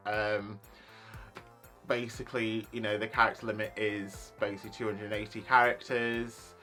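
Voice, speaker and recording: Casting: young man, YouTuber, casual rant, bright forceful voice, faint music bed. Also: fairly low pitch, level tone, moderate pace. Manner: chatty, lots of likes and you knows.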